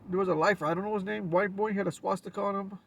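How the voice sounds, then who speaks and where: Casting: LA man, gravelly and raspy, laid-back storyteller heard from off-mic. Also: high voice, steady tone, very fast, a bit bright, far from the mic. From Los Angeles. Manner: laid-back street slang with frequent restarts. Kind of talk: casual storytelling.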